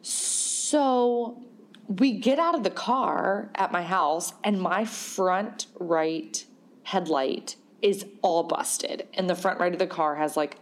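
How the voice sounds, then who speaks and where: Animated woman telling a story. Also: medium pitch. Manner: animated, chatty, frequent "like" fillers and laughs. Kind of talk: casual storytelling.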